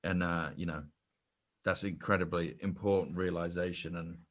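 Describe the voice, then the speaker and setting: A man's voice: deep voice, steady tone, moderate pace. A young man, a podcast guest and actor, telling a self-deprecating story in casual chat with frequent restarts.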